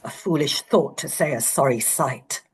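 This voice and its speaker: A woman reading the lines of a cold-nerved noblewoman in a script exercise, soft and drawn out, some lines whispered. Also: extremely low pitch, normal speed, breathy edge, voice pushed down, heavily acted. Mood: hushed. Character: cold-nerved noblewoman urging her husband. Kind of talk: script read-aloud exercise.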